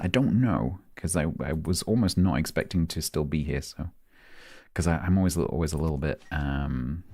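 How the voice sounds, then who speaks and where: Very deep-voiced Londoner chatting on stream. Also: male voice, a little mellow. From London, England. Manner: rambling, with many ums and restarts. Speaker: livestreamer. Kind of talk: casual chat with stream viewers. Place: home, United Kingdom.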